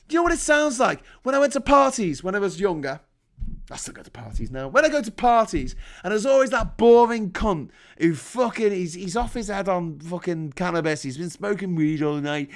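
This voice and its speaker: Brief: a live-stream host, sweary and sarcastic, ranting with a high voice. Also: male voice, expressive, fairly quick. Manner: profane, sarcastic, heated. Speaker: livestream host.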